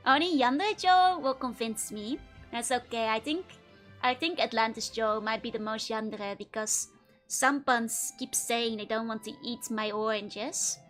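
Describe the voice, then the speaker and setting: A young woman chats with her stream audience in a bright, high voice. She giggles all the time and teases her viewers playfully. Faint music plays quietly in the background. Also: a little slow. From Netherlands. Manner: giggly, laughs constantly, playful teasing. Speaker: VTuber streamer. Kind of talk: casual live-stream chat reading viewer messages.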